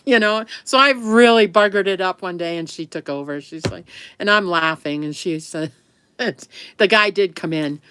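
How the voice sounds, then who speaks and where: A woman's voice: lowish voice, moderate pace, pushed and bright, clean tone, dry recording. Chatty laughing middle-aged woman, dry sound. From US East Coast. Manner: chatty, laughs often, rambling with self-corrections. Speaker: livestream host. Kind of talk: casual livestream chat.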